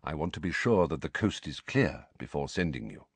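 A man reading an audiobook and voicing an elderly headmaster wizard who speaks in a measured, quiet, authoritative way. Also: extremely low pitch, very animated, breathy edge, no room sound, pitched below the performer's own voice, exaggerated voice. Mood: grave. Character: calm, grave elderly male headmaster wizard.

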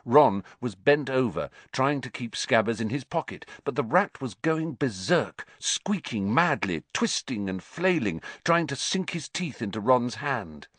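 A man narrating a story in an expressive storytelling manner. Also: medium pitch, measured pace, hardly any pauses, dry recording. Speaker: audiobook narrator. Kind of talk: scripted narration.

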